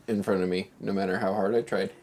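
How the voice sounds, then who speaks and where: Low-voiced rambling male game master. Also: steady tone, quick pace, darkish tone. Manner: rambling, offhand, filler-heavy. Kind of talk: casual chat and game recap narration. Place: live-streamed tabletop session.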